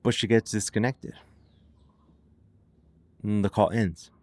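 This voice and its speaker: A podcast host with a lowish, darkish voice takes the retelling of a case slowly and in a steady tone, with no room sound. His casual narration is chatty and heavy with fillers, especially "like," plus restarts.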